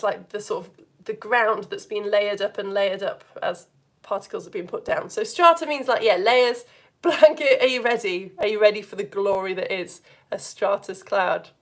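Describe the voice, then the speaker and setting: A woman with a Yorkshire accent teaching a live science lesson for all ages, lively and playful, slipping into silly voices for the actions. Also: mid-range voice, moderate pace. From Yorkshire, England.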